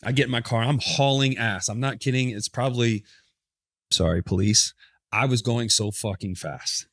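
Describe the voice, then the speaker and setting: A man in a casual interview tells a story with lots of energy and plenty of swearing, and he keeps correcting himself in the middle of sentences. His pitch sits mid-range, and the sound is close and dry, with no room around it. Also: normal speed, no room sound. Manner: animated, profane, self-correcting storyteller. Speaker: podcast guest, former pitcher.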